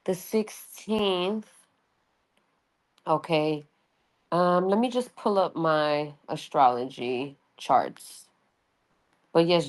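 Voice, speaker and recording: Slow low-voiced New York woman. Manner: chatty, loose, asks "right?" often. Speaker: astrologer. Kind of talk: casual spoken reading. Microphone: audio only, no video.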